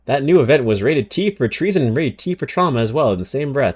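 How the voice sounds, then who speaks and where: A man chatting on a live stream. His pitch is mid-range but swings widely as he talks. He swears casually, reacts to his viewers' comments, and reads game card text aloud. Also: animated, normal speed, long pauses, darkish tone. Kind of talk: casual livestream chat.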